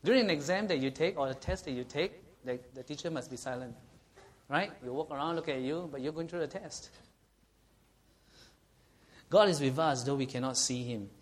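A man's voice: on the high side, normal speed, long pauses. A man preaching a sermon, earnest and often checking in with the congregation. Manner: earnest, asks the congregation frequent questions.

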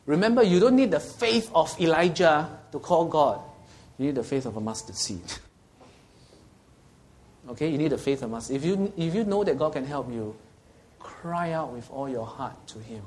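A man's voice: fairly high pitch, expressive, moderate pace, darkish tone, slight background noise. A man preaching a sermon, earnestly teaching and asking his listeners questions. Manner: earnest and teaching, asks the audience questions, often checks with "okay?".

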